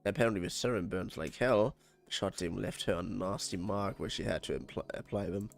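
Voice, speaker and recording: A man's voice: low-pitched, fairly quick, creaky, faint music behind. A man with a German accent reading game dialogue aloud on a stream, tripping over words and swearing when annoyed.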